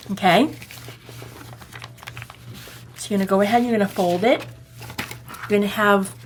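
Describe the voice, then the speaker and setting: Gravelly Boston woman teaching crafts. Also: mid-range voice, a little hiss or hum. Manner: chatty, rambling, self-correcting, often checking the viewer follows. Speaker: craft tutorial host. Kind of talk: casual step-by-step crafting tutorial.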